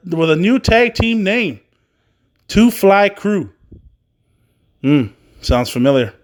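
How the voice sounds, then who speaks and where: A man hosting a solo wrestling podcast, reading news in a casual, rambling way with many fillers and some swearing. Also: high-pitched.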